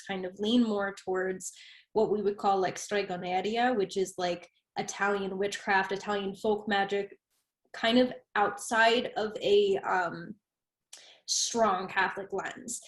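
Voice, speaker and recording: A woman from the United States chats as an interview guest in a middle-pitched voice, with loose, rambling sentences that keep restarting. The recording has a roomy echo. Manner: rambling, self-interrupting, laughs often. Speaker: guest practitioner. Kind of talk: casual interview chat.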